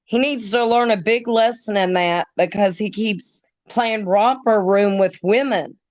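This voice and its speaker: Earnest woman giving her take, slow talk, dry close sound. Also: medium pitch, darkish tone, dry recording, dull audio. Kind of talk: casual chat.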